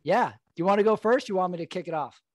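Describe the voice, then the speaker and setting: A man's voice: high-pitched, fast. A man from El Paso, Texas chatting casually on a podcast, laid-back with lots of "like". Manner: laid-back, laughs along, filler "like". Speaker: podcast co-host. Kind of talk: casual chat.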